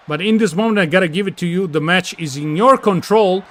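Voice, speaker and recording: A man calling a video game wrestling match with excitable, yelling play-by-play and slips in English grammar. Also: high voice, a little fast, hardly any pauses. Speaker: commentator and wrestler persona.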